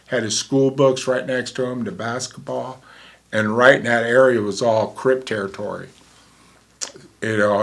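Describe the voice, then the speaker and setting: A man's voice: fairly low pitch, creaky. A man in his sixties, a former paramedic, telling a vivid story in a casual way and acting out the dialogue.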